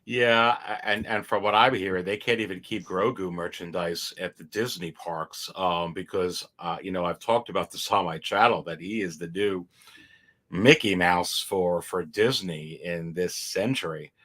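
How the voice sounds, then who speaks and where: A man's voice: sits low, fairly even intonation, moderate pace, bright, forceful tone. A man chatting animatedly as a guest on a livestream, repeating words and laughing easily over a video call. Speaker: guest toy collector. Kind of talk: casual chat on a livestream.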